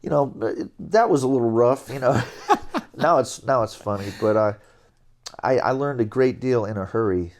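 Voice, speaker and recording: A man's voice: medium pitch, moderate pace. Middle-aged man telling jazz stories. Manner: animated anecdotes, chuckling, scatting melodies. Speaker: interview guest, jazz trombonist. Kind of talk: relaxed storytelling.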